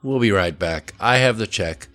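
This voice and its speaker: A man's voice: on the low side, moderate pace, soft background music, voice pushed up. A man voicing a friendly, easygoing young man who smiles as he talks. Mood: cheerful. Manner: cheerful, relaxed.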